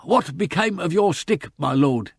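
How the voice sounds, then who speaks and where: A man's voice: a little high, lively intonation, a little slow, slightly rough, no echo, studio quality, voice pushed up, full character voice. A man voicing a loyal, deferential manservant who sounds strained. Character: Bunter, loyal male manservant, steady, deferential.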